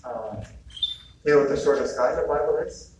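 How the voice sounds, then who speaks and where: A man with a slightly higher voice gives a relaxed spiritual talk, chatty and quick to chuckle, slipping into little bits of dialogue as he tells it. He is heard from a distance in a very echoey hall, with faint room ambience underneath. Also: slight background noise. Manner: conversational, chuckles often, acts out quoted dialogue. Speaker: retreat speaker. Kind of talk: informal talk on healing and faith.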